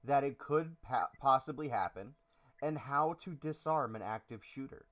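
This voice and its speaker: A man's voice: mid-range voice, moderate pace, fairly bright tone, dry recording. A man co-hosting a podcast in casual chat, speaking emphatically and provocatively as he rants. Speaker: podcast co-host.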